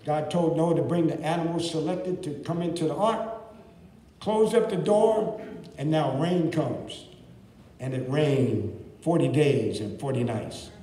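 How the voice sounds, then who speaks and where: A male pastor preaching a sermon with big swings in pitch and loudness. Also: measured pace. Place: church sanctuary. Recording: distant echoey church hall.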